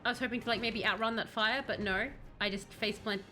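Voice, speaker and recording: A woman streaming a video game, chatting excitedly and talking to the characters on screen. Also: fairly high pitch, fairly quick. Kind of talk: live gameplay commentary.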